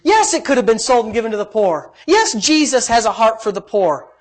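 This middle-aged pastor's high voice carries lively intonation at a fairly quick pace. His sermon is emphatic, dropping to quiet asides before rising into loud exclamations.

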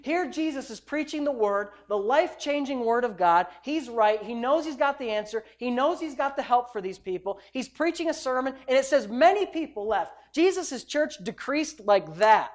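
A pastor delivering a sermon in a conversational, emphatic style. His voice swings from loud insistence to quiet asides, talking straight to the people in front of him. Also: very high voice, lively intonation, moderate pace, hardly any pauses.

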